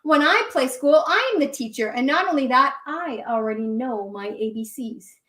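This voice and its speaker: A woman's voice: sits high, expressive, normal speed. Woman reading as a defiant little girl bear. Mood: indignant. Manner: protesting, shouting back. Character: defiant young girl bear, quick to anger. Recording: echoey room, voice from off mic.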